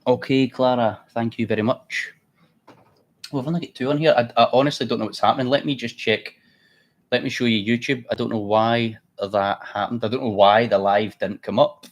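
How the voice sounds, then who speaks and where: A man's voice: medium pitch, steady tone, brisk. A man hosting a live trading stream, chatty and blunt, thinking aloud as he works. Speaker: trading livestream host. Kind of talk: casual live trading commentary.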